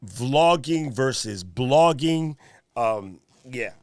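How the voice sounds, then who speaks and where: Male livestream host, playful banter, dry close sound, mid pitch. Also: animated, very slow, no echo. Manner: joking, playful banter with chat. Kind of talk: casual livestream chat.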